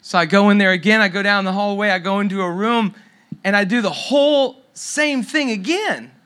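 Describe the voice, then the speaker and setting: A man's voice: sits high, normal speed, sharp tone, smooth. A middle-aged man preaching a sermon, telling a story and dropping to a near whisper at tender moments. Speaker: pastor.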